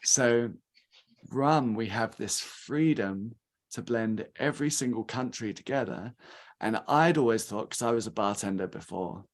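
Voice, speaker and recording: Speaking a little slowly in a medium-pitched voice, an Englishman in his thirties represents a rum company as a guest speaker at a tasting. His talk is chatty and lively, and he performs the reactions he quotes.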